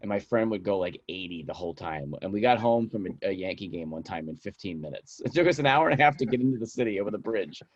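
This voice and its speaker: Lively young man from the New York area. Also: on the low side, fast, hardly any pauses, no room sound, dull audio. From New York and New Jersey. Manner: animated storyteller who acts out quoted voices. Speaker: guest comedian. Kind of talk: casual interview chat.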